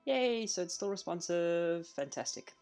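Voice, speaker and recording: A man streaming a live coding session, chatting casually and thinking out loud as he works. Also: sits high, lively intonation, unhurried, smooth, soft background music.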